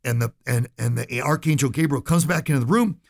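A man's voice: medium pitch, a little fast, creaky. A man hosting a financial radio talk show, speaking directly to listeners in a folksy, emphatic way and often checking in with "right?" and "okay?".

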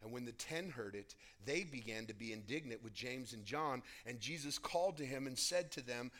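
A man's voice: mid-range voice, normal speed. A male pastor reading scripture aloud and preaching, with dramatic, emphatic rises in voice. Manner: reads scripture dramatically, voicing the crowd's shouts loudly.

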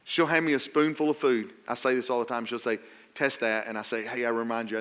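Preaching in a fairly low voice, a middle-aged pastor recounts a personal story, stammering into restarts, and then builds up to loud, emphatic appeals.

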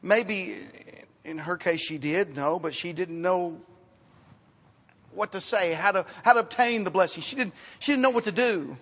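A man preaching a sermon as pastor, in a conversational style, repeating words and dropping to quiet asides. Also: high-pitched, normal speed. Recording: reverberant hall, sometimes off mic.

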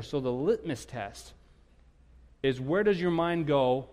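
A married man preaching to his congregation, asking them questions and getting loud and animated when he tells stories. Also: on the high side, slow, long pauses, in a large hall. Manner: animated storytelling, rising loud when telling anecdotes; addresses congregation directly with questions. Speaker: pastor. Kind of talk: sermon.

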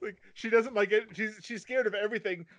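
A man with a somewhat high voice, talking casually on an anime podcast. He explains plot details at an easy pace and breaks in with brief agreeing remarks. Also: steady tone, a little fast, a bit bright. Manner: chimes in with short backchannels, then explains plot points. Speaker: podcast co-host. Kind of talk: casual chat about anime.

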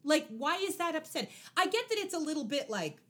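Wry, animated woman recapping a show. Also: sits high, a little fast. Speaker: podcast co-host. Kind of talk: casual chat recapping a TV episode.

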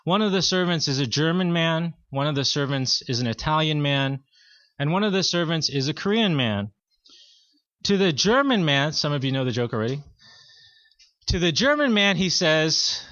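A man preaching a sermon as pastor, in a measured, earnest teaching manner. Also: fairly high pitch, expressive, a bit bright, no echo, muffled recording.

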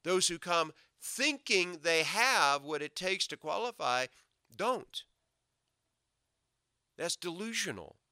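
A man preaching a sermon, swinging from loud emphatic lines to low quiet asides. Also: lively intonation, takes it slowly, pauses often, no echo, clean studio sound. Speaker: pastor.

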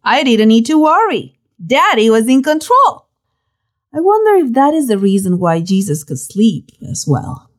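A woman leads a Bible lesson in a bright, higher voice. She tells the story dramatically and her pitch leaps and drops all the time, so it stays lively. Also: a little slow. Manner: dramatic, animated storytelling with sudden pitch swings. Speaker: Bible teacher. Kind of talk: expressive Bible teaching.

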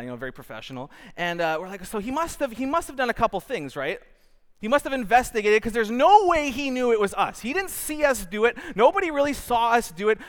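Man, preacher, high voice, smooth and resonant, storytelling sermon. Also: big-room sound. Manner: storytelling, animated, acts out quotes. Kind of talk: sermon with personal anecdote.

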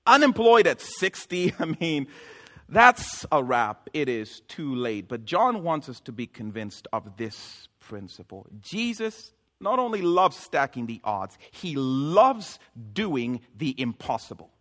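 A man preaching a sermon as pastor, animated and joking, with sudden loud outbursts. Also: fairly high pitch, slow.

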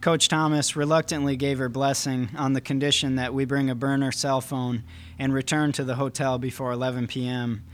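A man's voice: medium pitch, a little fast. A man, the author, answering questions with many fillers and then reading a passage from his first novel at a live event. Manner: hesitant when talking, steady when reading.

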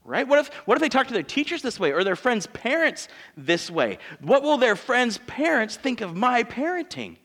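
A man's voice: very high voice, big pitch swings, moderate pace, few pauses, fairly bright tone. A man in his thirties, a pastor preaching a sermon in church in a conversational, joking way, asking his congregation rhetorical questions.

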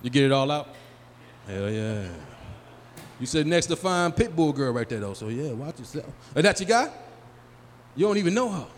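His voice a little high with big pitch swings, a stand-up comedian in his 40s speaks at a moderate pace and pauses often. He bantering loosely and profanely with a small-venue crowd, and the live room adds long reverb and faint noise.

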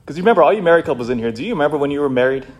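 A male priest giving a passionate homily, swinging between loud, fired-up shouting and hushed, quiet stretches. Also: on the high side, lively intonation, rapid-fire. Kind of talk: sermon.

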